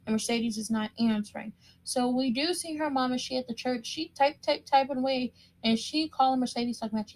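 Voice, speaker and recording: A woman with a high, brisk voice gives a chatty, opinionated recap of a TV episode. She's emphatic and repeats words for stress, like a TV show recap commentator.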